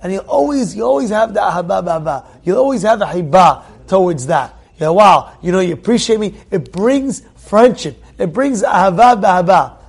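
A man giving a sermon as a rabbi, animated, acting out little dialogues and repeating phrases. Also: a little high. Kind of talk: sermon with storytelling.

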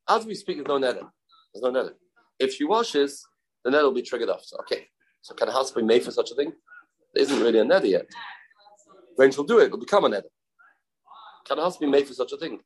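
A man teaching a Talmud lesson, halting and repeating phrases, mixing English with Hebrew and Aramaic terms. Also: mid-range voice, poor audio. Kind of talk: Talmud study class.

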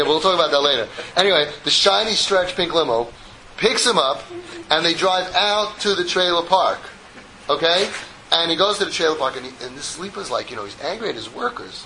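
A man giving a sermon as a rabbi, telling a parable in an animated, joking storyteller manner. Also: fairly high pitch, a little hiss or hum, poor audio.

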